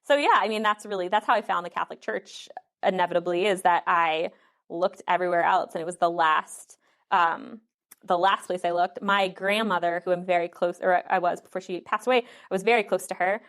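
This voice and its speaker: A woman's voice: lowish voice, fairly even intonation, a little fast, fairly bright tone. A woman in her thirties, a guest in a casual interview, who talks chattily, laughs often and acts out what others said. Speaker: podcast guest.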